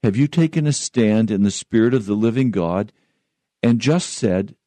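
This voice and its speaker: A man's voice: on the low side, lively intonation, normal speed, warm tone, dry recording. A man who is a pastor, giving an earnest radio sermon and reading aloud.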